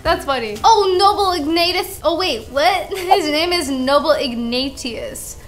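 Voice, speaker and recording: A young woman gives excitable gaming commentary, full of exclamations and giggles. Her voice is very high and bright, and it swoops all over as she reacts. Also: unhurried, few pauses, a little hiss or hum. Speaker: gaming channel host.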